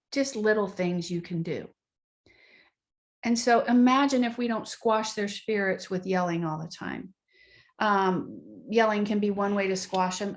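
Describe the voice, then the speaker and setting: A middle-aged woman giving a conversational talk on parenting, acting out bits of dialogue as she goes. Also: medium pitch. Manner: conversational, acts out quoted dialogue. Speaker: parenting speaker. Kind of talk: motivational talk to an audience.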